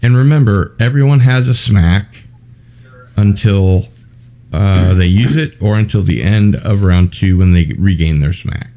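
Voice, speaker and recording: A man's voice: low voice, measured pace, mellow. A man hosting an online trivia game, chatty and joking, laughing often as he reads out the rules and questions. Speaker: host of a trivia game show.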